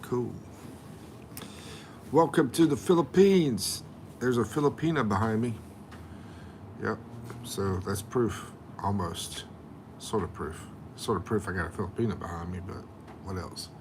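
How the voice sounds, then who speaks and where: A man's voice: fairly low pitch, moderate pace, slight background noise. A middle-aged man, chatting casually on a livestream and reading viewer comments aloud with jokes. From USA. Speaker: livestream host.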